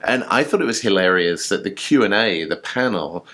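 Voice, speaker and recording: Low-voiced man telling a story. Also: lively intonation, moderate pace, sharp tone. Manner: chatty, enthusiastic storytelling with fillers. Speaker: podcast co-host. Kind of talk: casual chat.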